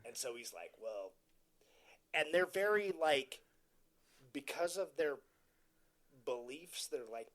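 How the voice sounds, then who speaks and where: A man co-hosting a laid-back film podcast, talking through the plot in an easy conversational tone. He slips into quick mimicked exchanges between characters, at an ordinary male pitch. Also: a bit bright. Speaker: podcast co-host. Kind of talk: casual movie commentary chat.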